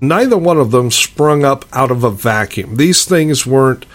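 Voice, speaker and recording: A man's voice: medium pitch, animated, normal speed. A man hosting an interview, asking questions with frequent fillers and repeated words. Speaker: host. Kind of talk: interview talk.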